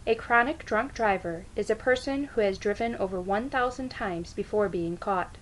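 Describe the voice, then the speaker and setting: A woman gives a prepared persuasive speech in a mid-pitched voice. She reads out figures and claims in a measured, even way. A faint hiss sits under the recording. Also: poor audio. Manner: measured, reads out statistics evenly. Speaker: student speaker.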